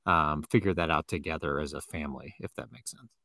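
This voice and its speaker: Guy cohosting a podcast, deep voice but bright and forceful, jokey, lots of ums, dry sound. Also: fairly quick, gravelly, dry recording. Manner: jokey, laughs often, filler-heavy. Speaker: podcast co-host. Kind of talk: casual chat.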